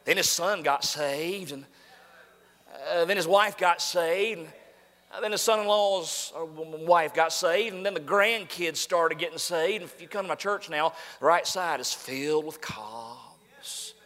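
Brief: fiery male pastor, high-pitched, shouts and whispers, echoing church sound. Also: a little slow. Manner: impassioned, swings from shouting to hushed near-whisper. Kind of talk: fiery sermon. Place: church sanctuary.

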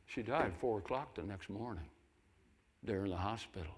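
An older man preaching a sermon, telling folksy stories and breaking into loud mimicking voices. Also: on the low side, expressive, moderate pace, breathy edge. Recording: long hall reverb.

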